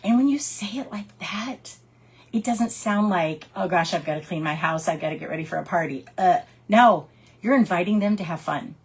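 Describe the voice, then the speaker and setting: A woman who works as a direct sales consultant, giving her team casual coaching and acting out customer conversations in lively quick put-on voices. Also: fairly low pitch, breathy edge. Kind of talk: casual training talk with storytelling.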